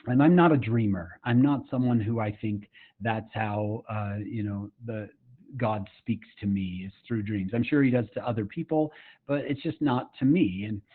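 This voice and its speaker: A man's voice: fairly low pitch, breathy edge. Earnest storytelling man on a tinny line. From Utah, USA. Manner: earnest, conversational, with frequent fillers and asides to the audience. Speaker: summit speaker. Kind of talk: personal storytelling talk.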